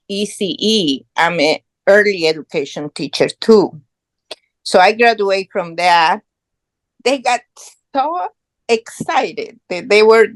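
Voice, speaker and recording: As a guest on a podcast, a middle-aged woman from Guatemala recounts her story casually, sounding earnest and proud. She speaks English with non-native phrasing in a mid-range voice, and there is no room sound.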